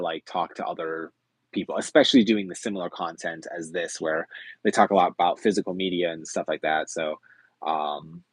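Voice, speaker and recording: Brief: male streamer host, low-pitched, chatty and upbeat, slightly hoarse, dry close sound. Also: no echo. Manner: chatty and enthusiastic. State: hoarse, losing his voice. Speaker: host of a movie live stream. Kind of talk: casual live-stream chat.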